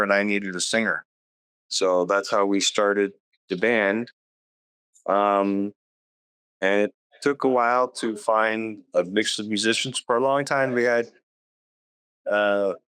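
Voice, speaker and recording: Man, guitarist, low, smooth, rambling, relaxed. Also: dry recording. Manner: relaxed, rambling, many fillers. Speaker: band guitarist. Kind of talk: casual interview.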